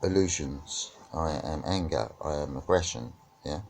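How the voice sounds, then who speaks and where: A man's voice: extremely low pitch, unhurried, vocal fry, a little mellow, slight background noise. A man teaching about witchcraft and spirituality in a reflective discussion, often checking in with "right?" and "yeah?".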